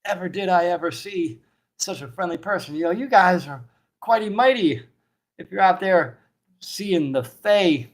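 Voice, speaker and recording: A man's voice: high-pitched, animated, measured pace, pitched above the performer's own voice. A man voicing a cheerful, talkative male tavern barkeep. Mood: jovial.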